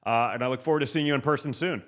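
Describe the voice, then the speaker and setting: Male host, mid-pitched, punchy delivery, wraps the interview and reads the outro fast. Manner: quick, emphatic, repeats "okay" in asides. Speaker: podcast host. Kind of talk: political interview and sign-off.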